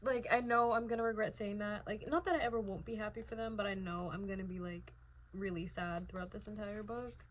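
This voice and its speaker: A young woman in her twenties chatting casually in a reading vlog, emotional, often dropping into a hushed whisper. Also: medium pitch, brisk. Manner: emotional, swings between hushed whispers and excited outbursts. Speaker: book vlogger.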